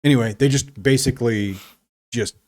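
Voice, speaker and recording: A man co-hosting a casual podcast chat, rambling and halting with fillers as he talks. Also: mid-range voice, a little mellow, dry recording, clean studio sound. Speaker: podcast co-host.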